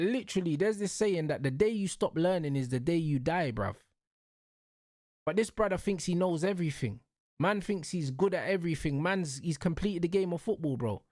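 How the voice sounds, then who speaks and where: A man's voice: fairly high pitch, a little mellow, dry recording, studio quality. A young man, hosting and ranting casually about football in heated, repetitive street slang. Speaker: show host.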